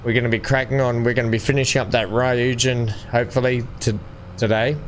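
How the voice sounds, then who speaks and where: A man's voice: medium pitch, flat delivery, brisk, slight background noise. A young man hosting a farming game livestream, chatting with viewers and laughing often. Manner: chatty, laughs often while reading chat. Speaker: gaming livestream host. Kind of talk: casual chat with live viewers.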